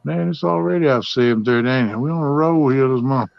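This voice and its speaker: A man's voice: medium pitch, quick pace, creaky, dry recording, dull audio. A man hosting a livestream, telling family stories in a folksy, drawling way. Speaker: livestream host. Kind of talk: casual storytelling chat.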